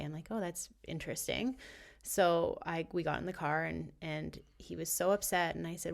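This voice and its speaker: Creaky-voiced woman telling a story. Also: deep voice, brisk. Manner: animated storytelling, laughs often. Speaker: youth mentor and guest. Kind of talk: casual podcast conversation.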